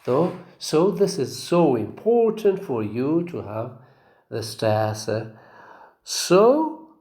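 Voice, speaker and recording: A man lectures slowly and emphatically, repeating key phrases and checking in with his listeners. His pitch rises and falls in lively swings. The room around him is echoey. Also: creaky. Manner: repetitive, emphatic, frequent "okay?" checks. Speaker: phonetics lecturer. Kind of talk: recorded lecture.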